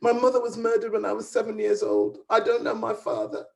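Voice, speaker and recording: A woman storyteller voicing a quiet, sorrowful wandering young woman in a folktale, speaking softly and subdued. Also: sits low, brisk, natural voice. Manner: soft, subdued.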